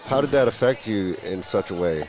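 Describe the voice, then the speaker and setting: A man's voice: lowish voice, expressive, fairly quick, low-quality recording. A man hosting a live podcast interview, prompting his guest with short questions and reactions. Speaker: podcast host. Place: live event at a tattoo convention. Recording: loud crowd chatter at a live event.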